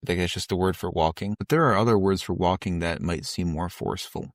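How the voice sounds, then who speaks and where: A man's voice: sits low, fairly even intonation, a little fast, no echo, clean studio sound. A man co-hosting a podcast, chatting casually about a Bible passage and often chiming in to agree. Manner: agreeable, many short affirmations. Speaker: podcast co-host.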